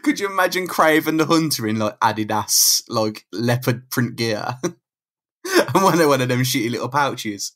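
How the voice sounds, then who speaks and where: A man's voice: medium pitch, animated, normal speed, fairly bright tone. A man co-hosting a podcast, chatting casually and joking about comics, laughing a lot. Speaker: podcast co-host.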